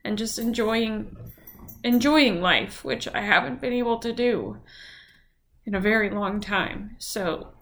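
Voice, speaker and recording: A woman's voice: a little high, a little slow, fairly bright tone. Young female co-host, candid and heartfelt, lots of "like" fillers. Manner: heartfelt, tearful at times, many fillers. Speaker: podcast co-host. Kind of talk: casual chat.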